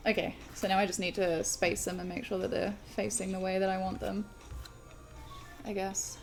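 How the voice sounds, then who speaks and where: A woman's voice: medium pitch, level tone, normal speed, faint music behind. A woman streaming while she crafts at home, chatting casually and rambling, with many fillers and restarts.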